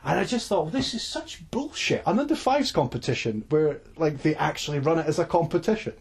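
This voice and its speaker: Un uomo con scozzese, co-conduttore di un podcast, racconta con foga in una chiacchierata informale, pieno di parolacce e frasi ripetute, registrato al telefono. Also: male voice, a little high, a little fast, creaky, slightly rough. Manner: animated storytelling, sweary, many restarts. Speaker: podcast co-host. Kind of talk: casual chat. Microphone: phone line.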